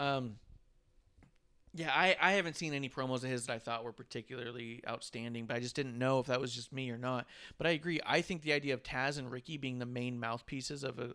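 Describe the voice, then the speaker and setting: A man's voice: medium pitch, pushed and bright. Guy cohosting a chill podcast, opinionated, keeps asking the others stuff. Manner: talkative, opinionated, asks co-hosts questions. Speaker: podcast co-host. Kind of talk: casual chat.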